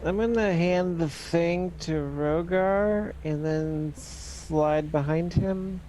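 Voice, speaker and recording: A woman's voice: lowish voice, slow, mellow, slight background noise. A woman playing in a tabletop game, speaking in a matter-of-fact way. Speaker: player. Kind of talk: casual tabletop play.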